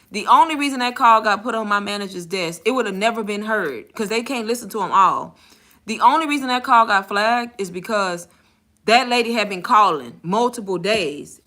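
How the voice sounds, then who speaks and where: A woman's medium-pitched voice has a sharp edge as she casually describes her call center work. Candid and exasperated, she acts out the calls, peppering her talk with curses and slang.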